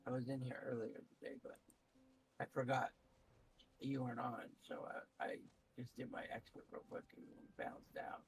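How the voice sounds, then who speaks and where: A man's voice: mid-range voice, flat delivery, normal speed, creaky, breathy edge, low-quality recording. A man streaming a video game, chatting casually and at length with a co-player. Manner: rambling, chatty, talks with a co-player. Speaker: streamer playing an online game. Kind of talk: casual chat while gaming.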